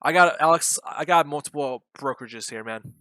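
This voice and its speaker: A young man giving loud, joking live commentary on his day trades, bantering and swearing with his chat. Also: fairly high pitch, moderate pace, no echo. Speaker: day trading streamer.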